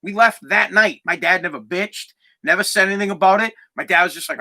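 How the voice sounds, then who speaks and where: A man's voice: high-pitched, fast talker, bright, forceful tone. A man in his thirties, a podcast host, telling a personal story in a candid, rambling way with a lot of swearing, close to tears.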